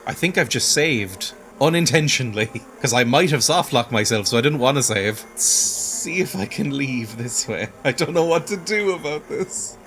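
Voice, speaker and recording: A man talks through a video game in a dry, sardonic way, chuckling at it often. His voice sits at an ordinary middle pitch, and faint music plays behind him. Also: expressive, moderate pace, few pauses, a bit bright. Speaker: let's play host. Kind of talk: game commentary.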